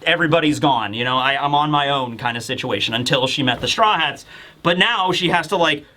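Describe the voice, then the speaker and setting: A man giving a casual, rambling review of a manga chapter, excited and full of fillers. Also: fairly high pitch, brisk.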